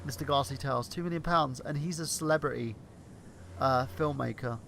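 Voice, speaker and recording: A man's voice: mid-range voice, normal speed, vocal fry, fairly bright tone. A young adult man co-hosting a casual podcast, chatting loosely and swearing freely. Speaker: podcast co-host. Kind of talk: casual banter.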